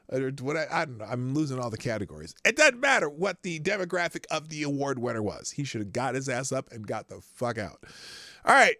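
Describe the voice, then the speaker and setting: A man hosting a live news commentary stream, reading articles aloud and arguing back at them in a loud, crude, irreverent way. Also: medium pitch, very animated, a little fast, dry recording, studio quality.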